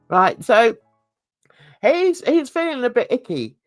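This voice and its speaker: A woman's voice: on the high side, sing-song, slow pace, soft background music. A woman with a London accent gives chatty, giggly casual commentary while reading news aloud to her viewers. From London, England. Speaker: YouTube channel host.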